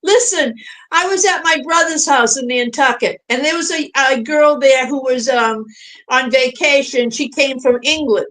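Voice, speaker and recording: A woman's voice: high voice, moderate pace, fairly bright tone. An older woman with a Boston accent, laughing as she tells stories in a casual chat. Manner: laughing, self-deprecating storyteller. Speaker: guest.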